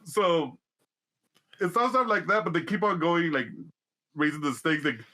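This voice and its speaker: A man co-hosting a casual podcast, retelling events in an animated, laughing way with frequent swearing. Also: on the high side, normal speed. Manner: animated, laughing storyteller who swears a lot. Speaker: podcast co-host. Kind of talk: casual chat.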